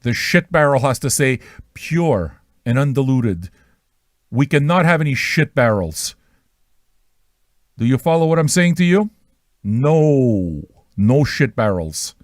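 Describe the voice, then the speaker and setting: In a dry, studio-quality recording, a man with a medium-pitched, very animated voice hosts an online music livestream. He talks slowly, pausing often, as he welcomes listeners with profane, crude, self-mocking rambling.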